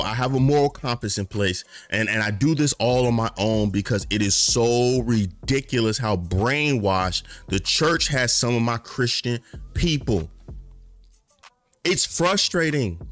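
A man in his late twenties or thirties giving a passionate casual commentary rant, full of slang, his voice climbing high in outrage and then dropping to a low mutter. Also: animated, a little slow, a bit bright, faint music behind. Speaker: commentary vlogger.

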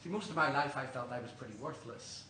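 A man's voice: mid-range voice, quick pace, pushed and bright. An Irish man preaching a sermon in a church, earnest and questioning, telling stories to the congregation. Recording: roomy church, distant mic, faint hum.

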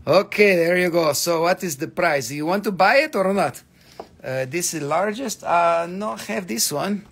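A man's voice: sits high, normal speed, creaky, fairly bright tone, husky. A man chatting casually and joking with viewers while selling mineral specimens on a livestream, swearing freely. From US East Coast. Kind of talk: casual live-sale chat.

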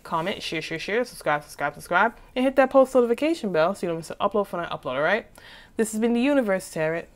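A woman doing a casual tarot reading who rambles, repeats herself and keeps asking "okay?". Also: medium pitch. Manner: chatty and informal, with "okay?" checks. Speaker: tarot reader.

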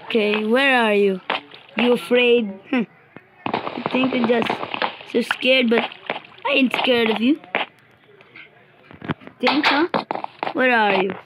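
A woman giving playful live commentary while gaming, chatty and joking, who bursts into panicked shouting. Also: on the high side, slow, long pauses, very noisy. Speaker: gamer.

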